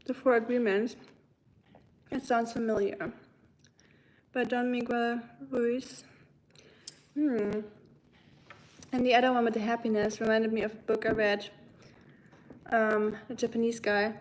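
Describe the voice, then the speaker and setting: A woman's voice: fairly high pitch, flat delivery, a little slow, long pauses, darkish tone, slight background noise, low-quality recording. A young woman hosting a casual livestream, chatting and musing with her viewers while she eats. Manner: chatty, musing, answers chat while eating. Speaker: livestream host. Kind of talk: casual chat with live chat viewers.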